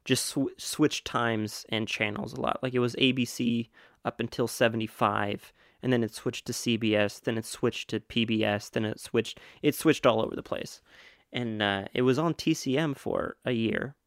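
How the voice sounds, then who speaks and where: A young man in a relaxed podcast chat, running through dates and facts with frequent restarts and fillers. His voice sits at a middling pitch and sounds dry and close, with no room around it. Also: moderate pace, creaky, dry recording. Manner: rambling, self-correcting, fact-listing. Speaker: podcast co-host. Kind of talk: casual chat.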